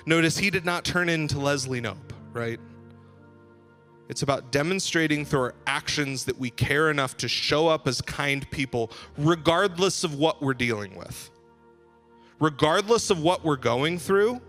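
A man preaching to a gathered group with a fairly high voice. His delivery is loose and conversational, full of restarts and "like"s. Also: moderate pace, sharp tone, faint music behind. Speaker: pastor. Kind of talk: sermon.

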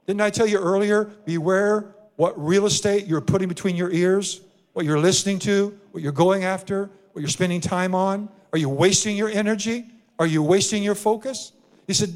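A man preaching a sermon, reading scripture and repeating lines slowly and emphatically. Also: high-pitched. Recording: long hall reverb.

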